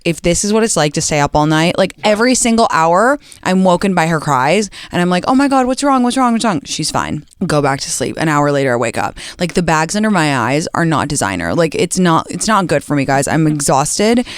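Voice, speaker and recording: A woman's voice: low voice, expressive, brisk, hardly any pauses, no room sound, studio quality. A young woman hosting a podcast, chatty and dramatic, laughing often in casual talk. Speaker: podcast host. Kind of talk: casual chat.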